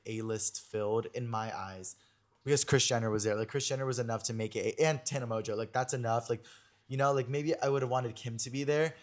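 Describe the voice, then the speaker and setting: Gossipy young man, chatty storyteller. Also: mid-range voice. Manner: gossipy, animated storytelling with many "like" fillers. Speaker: podcast host. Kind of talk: casual chat.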